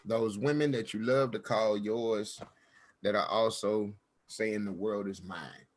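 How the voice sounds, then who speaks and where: A man's voice: on the low side, fairly even intonation, a little slow. Male host, laid-back slangy joker, casual video call show. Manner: loose, joking, slangy. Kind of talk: casual chat.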